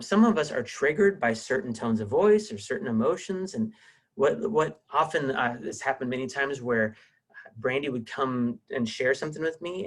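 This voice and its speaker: A man's voice: medium pitch, slightly rough. A man giving a conversational teaching sermon, telling personal stories with many fillers and restarts.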